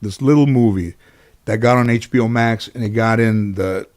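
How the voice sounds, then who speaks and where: A man's voice: on the low side, moderate pace, a little mellow, clear, resonant tone. A middle-aged man, a guest in an interview, telling casual stories in a rambling way full of "you know". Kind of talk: casual storytelling.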